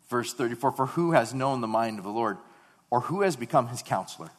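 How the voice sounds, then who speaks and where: A man in his thirties preaching a sermon, earnest, rising to loud emphatic peaks and dropping to quiet storytelling. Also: mid-range voice, expressive, brisk. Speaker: pastor. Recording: long reverb of a large hall.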